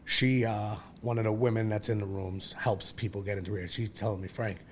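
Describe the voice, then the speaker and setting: A man in his forties with a low voice tells his own story as a guest on a talk show. He is blunt and profane and rambles through restarts and fillers. A faint hiss sits under the recording. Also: steady tone, brisk. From Brooklyn, New York. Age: 40s. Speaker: podcast guest. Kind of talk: candid personal storytelling.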